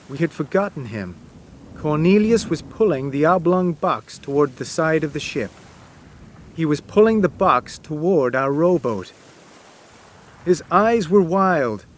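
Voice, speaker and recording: A man narrating a classic story as an audiobook, reading in a slow, simple, clear way. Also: a little high, slight background noise.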